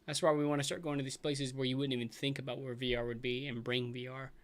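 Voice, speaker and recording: A man chatting casually as a vlog co-host, retelling stories in an animated way and laughing a lot. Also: medium pitch, quick pace. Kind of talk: casual chat.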